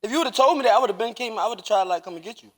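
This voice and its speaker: Speaking in a high, racing voice, a streamer who is also a father chats casually while gaming on a live stream. He rambles and teases, swearing a lot.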